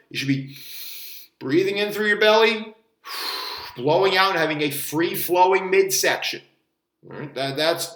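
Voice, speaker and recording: A man's voice: high voice, fairly bright tone, reverberant. A man talking as a fitness coach, rambling casually and cursing now and then as he explains and demonstrates a technique. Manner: rambling, swears casually, demonstrates strained voice while bracing.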